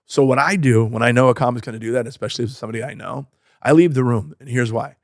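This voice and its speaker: Rambling comic, dry close mic. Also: male voice, medium pitch, racing, no echo. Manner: rambling, restarts often, mimics other comics. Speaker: stand-up comic and podcast co-host. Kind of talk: casual podcast chat.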